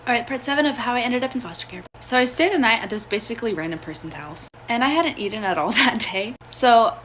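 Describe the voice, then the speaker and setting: A young woman telling a personal story in a casual, blunt and profane way, animated throughout. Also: fairly high pitch, quick pace, a little hiss or hum.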